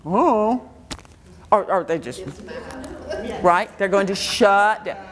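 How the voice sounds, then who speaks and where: A woman's voice: mid-range voice, takes it slowly, a little hiss or hum. A woman educator giving an interactive workshop lecture, quizzing her audience with a string of questions in a room before a live audience.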